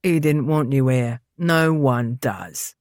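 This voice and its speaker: A woman's voice: very deep voice, slow pace, darkish tone, no echo, clean studio sound, pitched below the performer's own voice. A woman voicing a surly, hostile young male servant who mutters sullenly.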